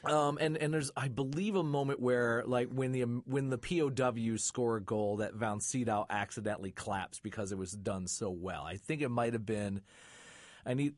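A man hosting a casual chat, quick and jokey, often restarting his sentences. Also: lowish voice, dry recording, clean studio sound. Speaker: host.

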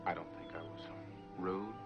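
An actor playing a cynical wartime officer who argues in a cutting, measured way, heard from an old film soundtrack. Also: male voice, low voice, steady tone, gravelly, highs cut off, over loud music. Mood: bitter, earnest. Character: bitter, cynical wartime American officer, man. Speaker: film character. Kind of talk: 1960s film drama.

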